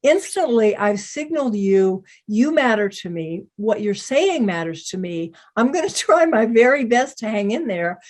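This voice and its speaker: A woman speaking calmly and deliberately, explaining how to stay open in difficult conversations. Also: on the high side. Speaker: psychiatrist teaching communication. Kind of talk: calm explanatory talk.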